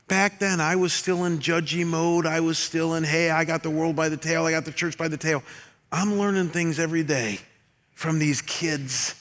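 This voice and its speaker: An older man, a pastor preaching a sermon, telling stories with self-deprecating humor and swinging between loud bursts and quiet, earnest stretches. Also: on the high side, vocal fry, breathy edge. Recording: long hall reverb.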